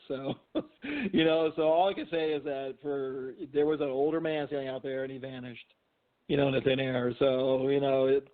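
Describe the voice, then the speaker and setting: A middle-aged man, a guest, telling stories casually and rambling, with lots of "you know" and restarts. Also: mid-range voice. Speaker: guest, physician and paranormal investigator. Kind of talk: casual storytelling in a phone interview. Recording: tinny phone line.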